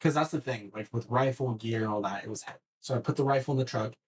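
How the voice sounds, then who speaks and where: Quick-paced and medium in pitch, a man barrels through a spirited story on a casual podcast. Swear words flow freely, and he restarts sentences often.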